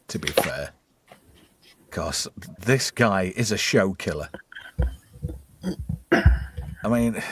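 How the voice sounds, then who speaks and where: A man's voice: on the low side, husky, dry recording. A man hosting a casual, crude chat show, riffing bawdy jokes and laughing a lot. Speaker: podcast host.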